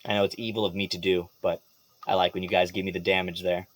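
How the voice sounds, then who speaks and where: A man narrating as game master of a tabletop game, animated and swearing freely. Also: deep voice, fast.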